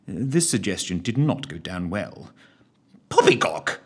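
A man narrating a story in an expressive, dramatic reading. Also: lowish voice, a little slow, breathy edge.

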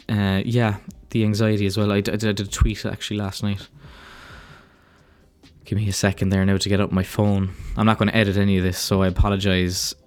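Low-voiced, swearing Irish man. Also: dry recording. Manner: rambling, profane, self-deprecating. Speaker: podcast host. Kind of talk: casual solo podcast monologue.

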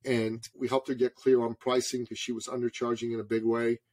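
A man's voice: medium pitch, fairly quick. Canadian guy on a podcast telling a long story all fired up, keeps saying brother. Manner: animated storyteller who calls the host brother. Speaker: podcast guest. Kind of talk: storytelling interview.

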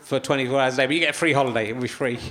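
An English man hosting a live comedy podcast on stage, asking teasing questions in a deadpan way. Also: medium pitch, rapid-fire. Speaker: podcast host. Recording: live theatre audience laughing behind.

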